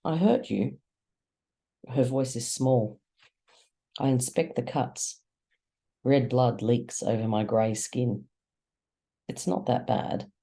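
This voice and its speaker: Audiobook reader, slow and measured, gravelly dark tone, first-person narration. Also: mid-range voice, level tone. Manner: slow, measured, dramatic pauses.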